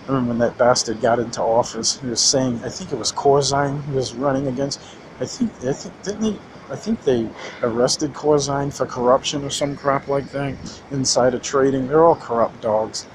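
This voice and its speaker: A man's voice: mid-range voice, moderate pace, background noise. A man ranting in a casual, rambling monologue, cursing often and restarting his sentences. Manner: rambling, profane, many restarts and fillers.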